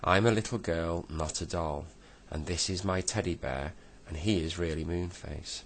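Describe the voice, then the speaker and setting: A man's voice: deep voice, fairly even intonation, normal speed. A man voicing a little girl who has been turned into a doll, earnest and plain-spoken.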